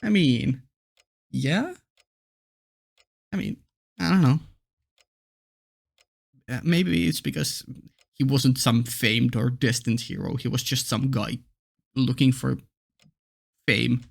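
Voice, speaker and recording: A man hosting a let's play, reading a visual novel aloud and chiming in with relaxed, amused commentary. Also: mid-range voice, takes it slowly, creaky, long pauses, breathy edge. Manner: relaxed and amused, laughing often, saying sure a lot.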